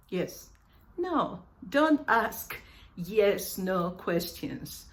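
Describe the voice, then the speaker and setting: A woman's voice: mid-range voice, very animated, extremely slow. A woman English teacher giving a lesson, saying each phrase carefully and repeating it for her learners.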